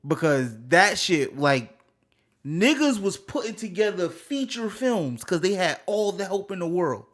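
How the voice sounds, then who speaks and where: Lively young man, casual podcast chat. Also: high voice, a little slow. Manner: animated, laughs and breaks into loud bits. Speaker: podcast co-host.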